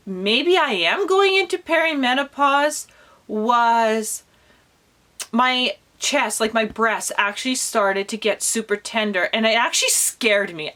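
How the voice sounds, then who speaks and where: Chatty higher-voiced woman around forty. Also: sharp tone. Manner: chatty and candid, with many fillers such as "like" and "you know". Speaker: homesteading vlogger. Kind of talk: candid personal vlog.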